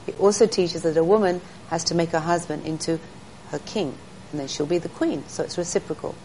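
A middle-aged woman recounts stories in an earnest, teaching way, and she briefly acts out the people in them. Her voice sits somewhat low. A faint hum of ambience runs underneath. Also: a little fast, warm tone, rough recording. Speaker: interview guest, speaker to women. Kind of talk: storytelling in an interview.

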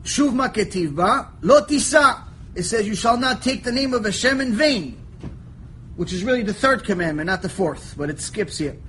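Man giving a torah lecture, high voice, very lively pitch, animated storyteller, faint noise behind. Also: moderate pace, rough recording. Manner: animated storytelling, acts out voices, jokes, shouts for emphasis. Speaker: rabbi teaching a lecture series.

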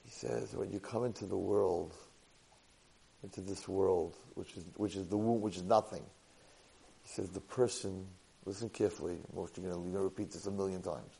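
A man teaching a Torah portion lesson to a live class, an animated storyteller sprinkling in Hebrew and Yiddish words. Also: deep voice, normal speed, vocal fry, breathy edge, poor audio.

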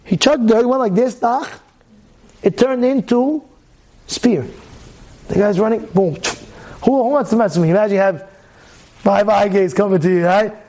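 A man teaching an animated Torah lesson. He tells the story with energy, keeps repeating rhetorical questions to his listeners, and breaks into sudden loud outbursts. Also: high voice, normal speed, pauses often.

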